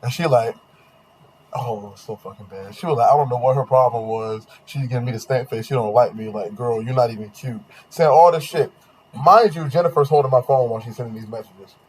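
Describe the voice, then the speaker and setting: A young man hosting a podcast, telling a long dating story in slangy, animated casual chat with quoted voices. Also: medium pitch, fairly quick, slight background noise. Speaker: podcast host.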